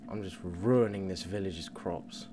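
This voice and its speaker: A young man commentating on his game at home, muttering and swearing, with sudden loud yells. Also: low-pitched, measured pace, slight background noise. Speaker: let's play gamer. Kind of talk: casual gameplay commentary. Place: home computer desk. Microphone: desk mic under the monitor.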